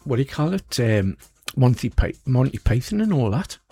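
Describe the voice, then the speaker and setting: A man's voice: medium pitch, big pitch swings, normal speed, mellow, slightly rough, soft background music. A man co-hosting a radio show, chatting casually and rambling with lots of fillers. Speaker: radio co-host. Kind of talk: casual chat.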